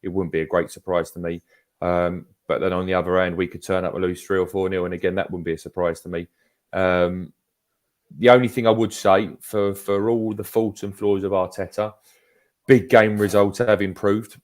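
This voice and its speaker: A man's voice: sits low, flat delivery, moderate pace, darkish tone. A man co-hosting a football podcast, chatting casually, calling people mate and going over the same points again. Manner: calls people mate, repeats himself. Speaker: podcast co-host.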